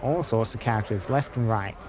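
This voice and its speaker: A man's voice: on the low side, a little fast. A man commenting wryly on a video game as he plays, often reading the dialogue aloud. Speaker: gaming streamer. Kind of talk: let's-play commentary.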